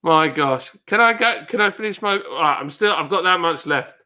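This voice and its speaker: Excitable British man on a live stream. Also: fairly high pitch, normal speed. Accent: British English. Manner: excitable, laughs often, exclaims. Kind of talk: casual live stream chat.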